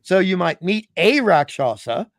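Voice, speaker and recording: Excitable high-voiced man, dry close sound. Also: measured pace, dry recording. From Australia. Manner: excitable, jokey, laughing often. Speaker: podcast co-host. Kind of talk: casual comedic chat.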